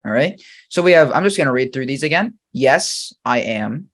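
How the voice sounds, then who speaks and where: Patient male English teacher, slow examples. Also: mid-range voice, lively intonation. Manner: slow, deliberate reading of example sentences; patient, quizzing the viewer. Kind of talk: grammar lesson.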